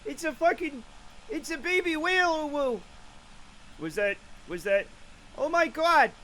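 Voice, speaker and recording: A man putting on a yelling Boston fisherman. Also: extremely high pitch, a little slow, a little hiss or hum, pitched above the performer's own voice, heavily acted, rough recording. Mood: excited alarm. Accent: put-on Boston. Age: 40s. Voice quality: shouty, profane, breathless with excitement. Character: excitable male Boston fisherman.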